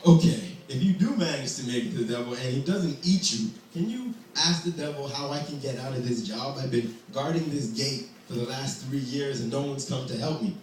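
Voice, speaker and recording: Barking tired guard at a gate, played by a man, shouted high and loud, boomy far-off room. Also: brisk, hardly any pauses, slight background noise, lightly acted. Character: gruff male gate guard, weary of his post. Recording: echoey hall from far off.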